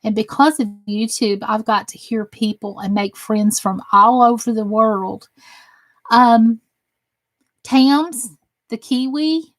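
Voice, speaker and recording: This Southern woman from the United States hosts a crafting livestream, chatting in a folksy, self-deprecating way and reading viewer comments aloud. Her voice sits in the mid-range, with no room sound.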